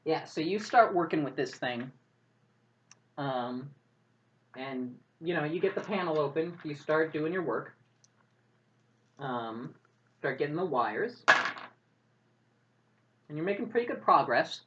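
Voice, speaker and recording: A woman's voice: low voice, expressive, unhurried, pauses often, heavy background noise. A woman narrating as game master in a loose, casual way with many fillers. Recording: muffled lo-fi audio.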